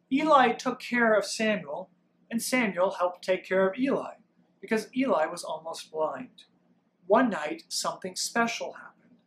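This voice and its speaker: A man leads young children through a Bible story as their pastor. He talks very slowly and gently. He pauses often for call-and-response lines. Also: high voice, a little hiss or hum.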